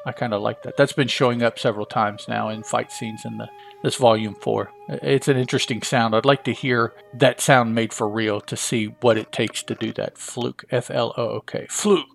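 Gravelly man reading a comic aloud. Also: medium pitch, steady tone, normal speed. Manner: chatty asides, frequent fillers. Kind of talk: casual comic-book read-aloud.

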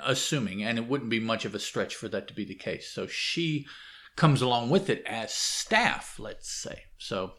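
A man's voice: medium pitch, sharp tone. Hesitant man reading a comic aloud. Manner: hesitant, many fillers and self-corrections. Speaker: comic book reader and commentator. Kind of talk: casual read-aloud with commentary.

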